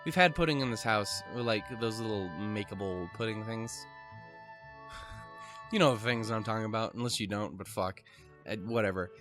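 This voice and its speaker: A man's voice: fairly low pitch, normal speed, over music. A man hosting a let's play, reading a visual novel aloud and breaking off into rambling, profane, self-mocking commentary.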